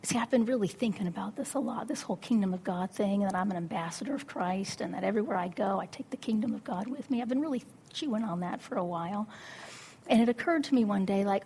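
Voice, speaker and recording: A middle-aged woman preaching a sermon, telling a story with lively acted-out inner dialogue. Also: medium pitch, fast talker, slight background noise. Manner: animated storytelling, acts out her own inner voice.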